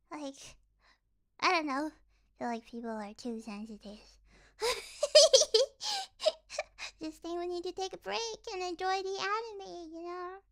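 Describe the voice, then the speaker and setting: A woman's voice: very high-pitched, big pitch swings, slow, long pauses. A young woman streamer chatting casually, rambling with lots of "like" and restarts, playful and mocking. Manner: rambling, heavy use of "like", many restarts.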